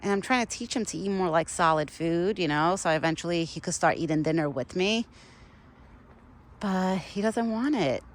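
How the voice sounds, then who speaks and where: A woman's voice: lowish voice, animated, normal speed. Chatty young woman vlogging outdoors. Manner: chatty, rambling, laughs often. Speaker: vlogger feeding a wild deer. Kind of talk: casual outdoor vlog chat. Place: outdoors in cold weather.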